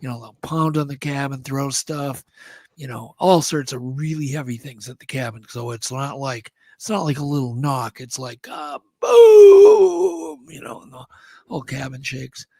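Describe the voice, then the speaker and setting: A man, a guest on a show, telling a story in a casual, animated way and acting out the sounds. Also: mid-range voice, moderate pace, breathy edge, dry recording. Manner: animated, acts out sounds and quotes.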